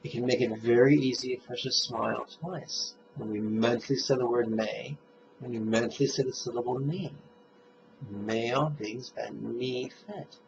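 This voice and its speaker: A man teaching meditation, speaking in slow, deliberate, emphatic phrases as he gives instruction. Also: mid-range voice, steady tone, vocal fry. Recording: dull lo-fi recording with faint noise.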